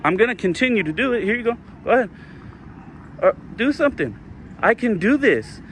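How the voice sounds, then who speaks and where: A man's voice: sits high, expressive, a little fast, fairly bright tone, slight background noise. A man filming police with a handheld camera outdoors, arguing heatedly and repeating his demands over and over. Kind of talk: heated street confrontation. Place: outdoors by a parking area.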